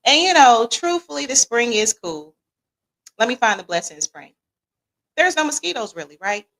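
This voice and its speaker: A woman's voice: on the high side, normal speed. A woman with a Midwestern American accent hosting a podcast livestream, joking casually and talking back to viewers in the chat. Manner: lively, joking, talks to the chat. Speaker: podcast host reading live chat.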